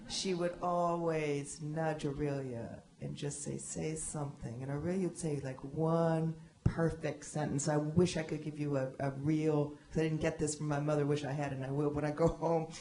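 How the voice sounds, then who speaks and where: A woman on a library panel reminiscing about a friend, talking in a halting way with many restarts. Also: sits low, fairly even intonation, crowd noise. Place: library event room. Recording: echoey hall.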